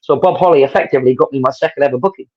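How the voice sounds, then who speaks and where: A guest wrestling promoter from England races through his stories in a medium-pitched voice with an English accent, and the audio sounds dull. In the casual interview, he animatedly acts out each person he quotes.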